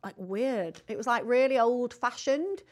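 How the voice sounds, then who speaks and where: A chatty woman co-hosting a podcast. She tells her stories in a cheeky, giggly way and keeps it all relaxed and casual. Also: fairly high pitch, unhurried. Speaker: podcast co-host. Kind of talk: casual chat.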